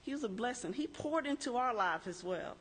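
Woman telling lively stories at a memorial. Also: a little high, fairly quick, slightly rough, long reverb tail. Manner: animated storytelling, laughing through anecdotes. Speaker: former coworker giving a memorial tribute. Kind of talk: memorial tribute speech.

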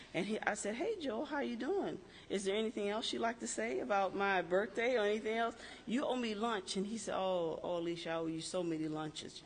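A middle-aged woman speaks at a memorial, recalling a late colleague in lively stories and breaking into laughter along the way. Her voice rings through a large, echoey hall with a faint hum of background noise. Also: medium pitch. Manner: animated storytelling, laughing through anecdotes. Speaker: former coworker giving a memorial tribute. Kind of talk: memorial tribute speech.

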